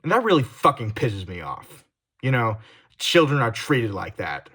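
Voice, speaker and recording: A young man confides in his viewers in a vlog, his voice at a middling pitch. He gets heated and swears bluntly, then drops into quiet, stumbling apologies with restarts that trail off. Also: big pitch swings, moderate pace, breathy edge. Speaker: YouTuber. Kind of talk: confessional vlog monologue.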